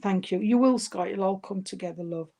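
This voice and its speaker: A woman's voice: medium pitch, a little fast, dark tone. A woman giving a live mediumship reading, hesitant and affectionate, calling her listeners darling. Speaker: spiritual medium.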